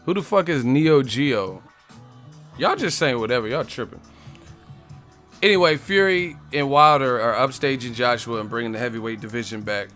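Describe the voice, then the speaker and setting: A man's voice: medium pitch, moderate pace, a bit bright, faint music behind. A man hosting a boxing live stream, ranting casually and profanely with jokes. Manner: profane, laughing, joking. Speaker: boxing channel host.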